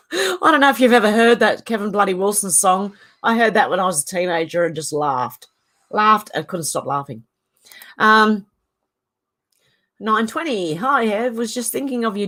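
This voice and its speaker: A woman's voice: mid-range voice, fairly bright tone. A middle-aged Australian woman hosting a casual livestream, reading viewer comments aloud in a chatty, opinionated way. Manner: chatty and opinionated, laughs often. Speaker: channel host.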